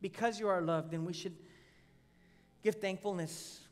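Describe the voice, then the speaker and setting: A male pastor delivers an earnest sermon in a noticeably high voice. He drives his points home through repetition and rising emphasis, and his words ring out with a long echo. The recording sounds like a large hall. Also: steady tone, unhurried.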